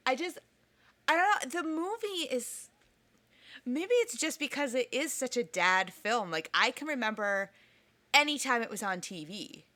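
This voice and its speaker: A woman co-hosting a podcast in casual chat, emotional and expressive, laughing often. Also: sits high, a little slow. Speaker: podcast co-host.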